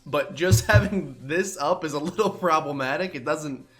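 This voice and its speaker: A man's voice: fairly high pitch, normal speed, a bit bright, faint music behind. A young man hosting a game let's play, chatting in a rambling, self-deprecating way while groggy from just waking up. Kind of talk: casual gameplay commentary.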